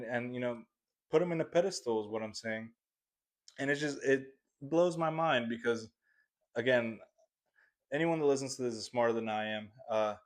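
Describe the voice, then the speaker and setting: A young man hosting a casual comedy podcast, ranting in a rambling, profane way with frequent laughs into a podcast mic. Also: medium pitch. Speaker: podcast host.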